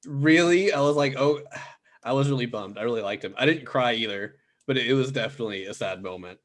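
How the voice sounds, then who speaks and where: A man's voice: fairly low pitch, fast talker, a bit bright. A man co-hosting a podcast in casual chat, laid-back and mostly giving short agreeing replies. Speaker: podcast co-host.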